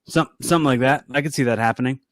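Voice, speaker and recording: A man co-hosting a casual wrestling podcast, animated and given to quick mimicking asides. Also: no room sound. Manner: animated, breaks into high-pitched impressions. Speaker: podcast co-host.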